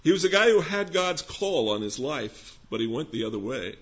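A man preaching a sermon in a gentle, conversational teaching manner, posing questions to his listeners. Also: a little high, big pitch swings, moderate pace, muffled recording. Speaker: pastor.

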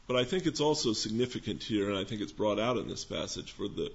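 A man preaching a sermon in a gentle, conversational teaching manner, posing questions to his listeners. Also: fairly low pitch, expressive, quick pace, vocal fry, highs cut off. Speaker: pastor.

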